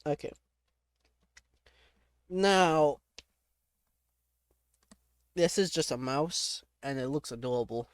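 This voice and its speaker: A man's voice: fairly high pitch, takes it slowly, pauses often, clean tone, no echo. A man playing a text adventure, reading the game text aloud and reacting casually, laughing often and breaking off with startled exclamations.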